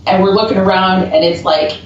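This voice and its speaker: A woman's voice: on the low side, fairly even intonation, a little fast. A woman paranormal investigator chatting casually and telling stories with frequent laughs, heard over a remote call. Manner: chatty storyteller, laughs often. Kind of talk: casual chat. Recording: dull, distant, echoey call audio with faint noise.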